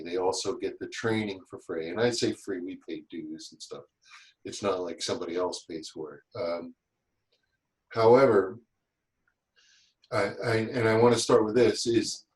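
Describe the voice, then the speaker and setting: Low-voiced rambling man, roomy sound. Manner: rambling, restarts often. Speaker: guest, safety instructor. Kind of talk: casual chat.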